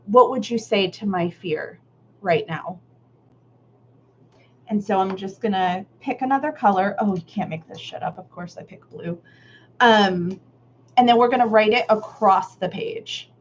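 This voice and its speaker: A woman's voice: medium pitch, measured pace. Affirming woman leading a live art workshop. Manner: warm, affirming, casual with Southern "y'all"; laughs often, candid with occasional swearing. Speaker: workshop facilitator. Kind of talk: live online art workshop, reading chat comments. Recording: slightly dull live-stream audio with faint noise.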